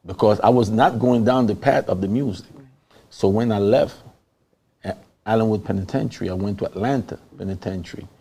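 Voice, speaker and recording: A low, gravelly man with a Panamanian Caribbean English accent tells his story as an interview guest. He jumps into the voices of people he quotes and laughs often as he talks, his voice rough with fry. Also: fairly quick, mellow. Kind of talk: animated storytelling in conversation.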